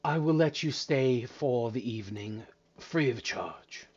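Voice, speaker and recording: A man voicing a middle-aged innkeeper in a tabletop game, formal and measured. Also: medium pitch, animated, darkish tone, husky, highs cut off. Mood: calm.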